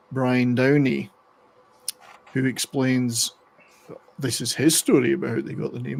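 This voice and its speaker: Man, podcast host, gravelly voice, mid pitch, casual rambling chat, reads excerpts aloud. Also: darkish tone.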